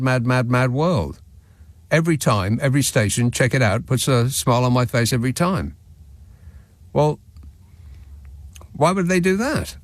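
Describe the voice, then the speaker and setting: A man's voice: a little high, no room sound. A man hosting a late-night radio phone-in, talking in a dry, sardonic, mock-indignant way.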